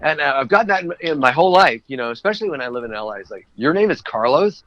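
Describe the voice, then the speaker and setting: A man's voice: medium pitch, very animated, racing, a bit bright, dull audio. A man who works as a voice actor, chatting as a guest in a casual interview and telling rambling anecdotes.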